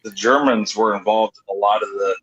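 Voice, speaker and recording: A man's voice: on the low side, little pitch movement, a little fast, fairly bright tone, breathy edge, lo-fi sound. A man guesting on a casual livestream chat, explaining his voice work in long, rambling sentences. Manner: rambling, explanatory, many restarts. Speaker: guest voice actor.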